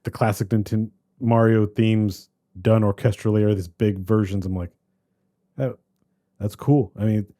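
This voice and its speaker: Rambling man with a mellow low voice. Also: a little slow. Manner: rambling, animated, trails off and restarts. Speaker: podcast co-host. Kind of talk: casual movie review chat.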